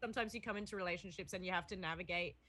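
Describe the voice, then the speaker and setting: A woman's voice: fairly low pitch, very fast, bright, forceful tone. A woman chatting casually on a panel, laughing often and acting out little quoted voices. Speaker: player on the show.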